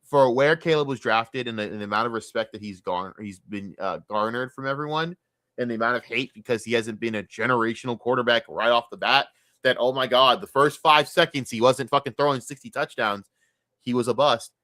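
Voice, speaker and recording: A young man streaming a casual, profane and rambling sports rant, talking excitedly. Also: mid-range voice, a little fast, no room sound, clean studio sound.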